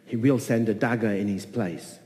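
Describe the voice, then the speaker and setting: A man's voice: on the low side, moderate pace, darkish tone, big-room sound, natural voice. A man voicing a household priest who explains things carefully.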